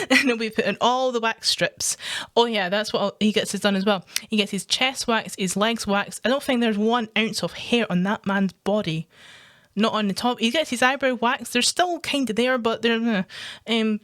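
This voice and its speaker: A woman with a Scottish accent ranting through a reaction commentary, swearing often and laughing as she goes. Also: fairly high pitch. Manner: animated ranting, heavy swearing, frequent laughter. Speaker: reaction video streamer.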